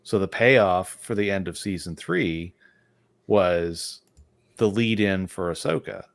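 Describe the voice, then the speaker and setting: A man's voice: deep voice, slow pace, gravelly, dry recording, studio quality. A man hosting a casual discussion, talking emphatically and with strong opinions.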